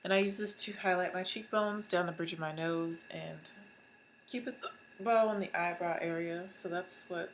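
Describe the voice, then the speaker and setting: A woman's voice: lowish voice, fairly even intonation, moderate pace, a little hiss or hum. A young woman in her twenties, chatting in an upbeat way through a casual makeup tutorial. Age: 20s. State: suffering hiccups. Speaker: beauty vlogger.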